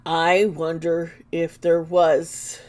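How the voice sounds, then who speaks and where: A woman's voice: low voice, completely flat delivery, very slow, darkish tone. A woman doing an intuitive tarot reading for her vlog, earnest and emotional, often trailing off mid-sentence. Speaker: tarot reader.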